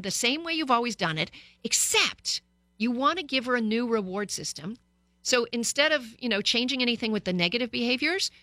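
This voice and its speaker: A woman's voice: on the high side, pushed and bright, no echo. A middle-aged woman hosting a radio talk show, speaking candidly and conversationally into a studio microphone.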